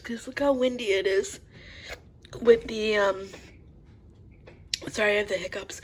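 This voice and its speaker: A woman's voice: mid-range voice, a little mellow, low-quality recording. Chatty woman vlogging outdoors. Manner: rambling, chatty, lots of fillers and restarts. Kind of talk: casual vlog chat. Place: outdoors on a windy, sunny day.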